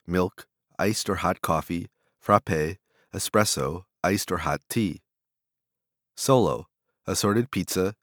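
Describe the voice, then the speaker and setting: Deep-voiced guy reading off a menu list, flat and steady, dry close sound. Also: dry recording. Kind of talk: reading a list of food vendors.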